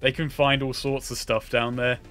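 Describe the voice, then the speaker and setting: A man's voice: medium pitch, flat delivery, moderate pace, over loud music. A man hosting a casual stream chat, making dry, self-deprecating jokes. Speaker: streamer host.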